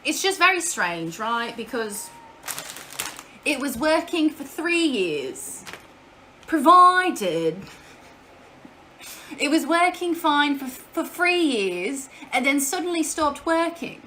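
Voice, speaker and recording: A woman's voice: sits high, very animated, takes it slowly, long pauses, pushed and bright, a little hiss or hum. A woman streaming from home in casual live-stream chat, chatty, swearing casually and answering chat aloud.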